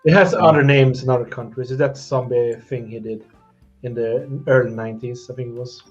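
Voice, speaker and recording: Husky man from Sweden, rambling chat. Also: mid-range voice, steady tone, fairly quick, faint music behind. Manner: rambling, trailing off mid-sentence. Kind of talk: casual chat. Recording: dull lo-fi audio.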